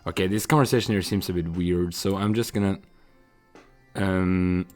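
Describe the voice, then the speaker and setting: A man playing a text adventure game, reading the story out and musing over his choices with hesitant pauses. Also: deep voice, fairly even intonation, darkish tone, faint music behind. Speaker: player narrating a text adventure. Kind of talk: reading and thinking aloud.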